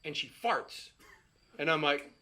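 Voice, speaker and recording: A man's voice: a little high, lively intonation, slow, bright, forceful tone. A middle-aged man doing a stand-up set, telling a profane, exasperated story and acting out the quotes. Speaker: stand-up comedian.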